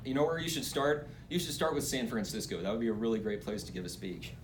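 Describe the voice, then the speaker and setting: A young man playing a fawning, flattering cabinet secretary in an amateur comedy skit, gushing and breaking into laughter. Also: medium pitch, fast, reverberant, recorded from a distance, close to an everyday voice. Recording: noisy amateur recording.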